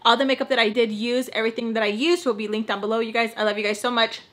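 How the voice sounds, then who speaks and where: A woman's voice: on the high side, level tone, racing, a bit bright. A young woman vlogger casually retelling a story, acting out the quotes and slipping into Spanish now and then. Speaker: beauty vlogger telling a story.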